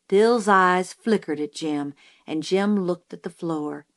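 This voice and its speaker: A woman reading a novel aloud as an audiobook narrator, in a measured storytelling manner. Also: fairly low pitch.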